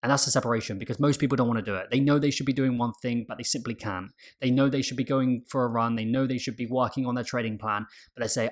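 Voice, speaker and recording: Guy vlogging about trading mindset, talks fast, keeps repeating his mantra and going "okay?". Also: mid-range voice, steady tone. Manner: emphatic, repeats mantras, says "okay?" often. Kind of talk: motivational talk to camera.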